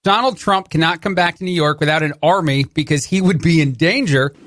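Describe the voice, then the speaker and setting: A man's voice: fairly high pitch, a little fast, fairly bright tone. A man from New Jersey with a Jersey accent, filling in as a talk radio host with conversational, sarcastic commentary. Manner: conversational, sarcastic asides, frequent "uh" restarts.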